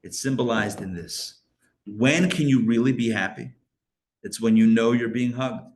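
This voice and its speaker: A male rabbi teaching a live Kabbalah class, animated, asking rhetorical questions and breaking off his own sentences. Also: mid-range voice.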